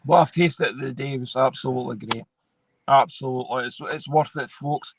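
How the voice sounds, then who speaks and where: A man's voice: mid-range voice, steady tone, a little fast, slight background noise. A man with a Scottish accent co-hosting a casual chat and agreeing with the host in short replies.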